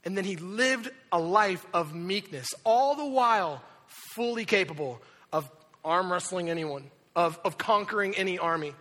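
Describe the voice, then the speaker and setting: A man preaching a sermon, telling a personal story with lively asides and quick impressions of the people in it. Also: high-pitched. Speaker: pastor. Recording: reverberant hall.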